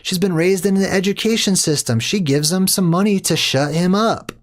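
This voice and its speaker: A man's voice: sits high, moderate pace, few pauses. A man, a father, hosting a movie commentary in a rambling monologue, lecturing his viewers in a preachy way. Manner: preachy and lecturing, with many fillers and restarts.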